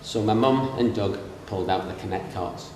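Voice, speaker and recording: Recorded far off in the echoing reception room of a castle, with room noise, a middle-aged English best man gives a humorous speech from memory. His voice is on the low side and a little mellow, at a moderate pace, and he imitates the voices of the people in his stories.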